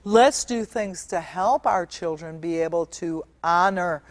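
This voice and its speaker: A woman's voice: fairly low pitch, a little slow, no echo. A middle-aged woman giving an earnest, emphatic Bible teaching in a studio, stretching out key words and using fillers. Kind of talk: teaching sermon.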